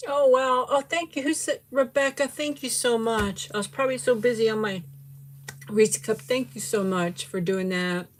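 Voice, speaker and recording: Her voice is a little high and her pace moderate, with slight background noise, as this middle-aged host chats casually on a livestream. She tries a sweet, giggles a lot, and gushes thanks to viewers by name.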